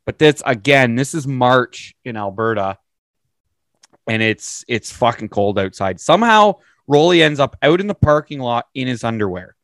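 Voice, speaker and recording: A man telling a long, profane story in a casual, animated way. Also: medium pitch, moderate pace, no echo.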